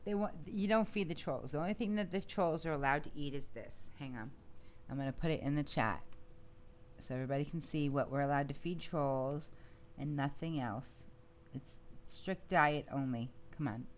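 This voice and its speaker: A woman host chats with a guest and cuts in with playful, sympathetic remarks. Her voice sits low, and a faint hiss runs underneath. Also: moderate pace. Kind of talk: casual chat.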